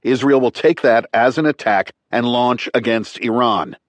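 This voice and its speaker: A man's voice: medium pitch, moderate pace, dry recording, close to an everyday voice. A man voicing a tough former military man who talks in clipped, urgent, profane bursts. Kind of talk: audiobook character reading.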